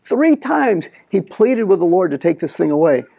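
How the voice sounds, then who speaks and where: A middle-aged male pastor preaching a sermon in an animated way, acting out the prayers he quotes. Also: a little high, brisk, gravelly, no echo, clean studio sound.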